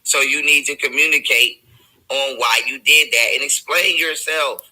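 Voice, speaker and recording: A man with a husky yet very bright, sharp voice who argues defensively. He recounts text messages to defend himself and keeps pushing his side of the story. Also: mid-range voice, normal speed, low-quality recording. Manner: defensive, argumentative, recounting texts. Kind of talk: heated self-defense.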